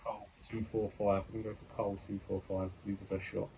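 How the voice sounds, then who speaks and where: A man's voice: fairly low pitch, flat delivery, fairly quick, gravelly, warm tone, a little hiss or hum, poor audio. A man reading a gamebook aloud as he plays, reading the narration and stopping to comment on dice rolls and choices. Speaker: gamebook player and reader.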